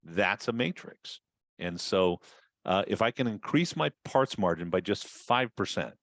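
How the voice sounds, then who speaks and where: A man's voice: lowish voice, expressive, a little slow, fairly bright tone, dry recording. A man giving a conversational webinar talk on running an auto repair business, with fillers and restarts.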